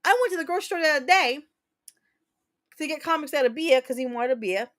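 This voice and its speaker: A candid woman in her late thirties chatting with her livestream viewers, her voice sitting a little high. She swears freely and launches into stories. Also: lively intonation, fast talker, fairly bright tone. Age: 30s. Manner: candid, profane, chatty storyteller. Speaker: livestream host. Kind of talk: casual chat reading viewer comments.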